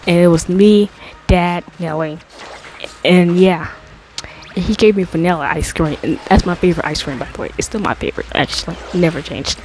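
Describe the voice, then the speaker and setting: A woman telling a personal story in a casual storytime monologue, rambling with many fillers and restarts, and climbing higher as she relives the dramatic parts. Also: normal speed, slight background noise, rough recording. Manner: gets high and excited when retelling dramatic moments. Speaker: storytime vlogger.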